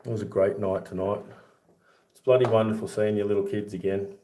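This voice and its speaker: A man's voice: fairly low pitch, little pitch movement, brisk, mellow, slight background noise. A middle-aged Australian man hosting a casual livestream, telling stories and laughing through his own yarns. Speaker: livestream host. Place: home with boxed-up rooms. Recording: echoey room.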